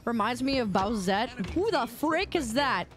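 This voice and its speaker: The recording is very noisy as a woman with a rather high, animated voice talks a little slowly during a game stream. Playful and teasing, she chats casually with viewers and bursts into sing-song repetitions of words.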